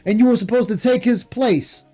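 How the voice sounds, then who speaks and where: Man, very high voice, streamer, cursing tirade, scornful, shouts in bursts, faint music behind. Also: moderate pace. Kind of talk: heated late-night stream rant. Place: home streaming setup.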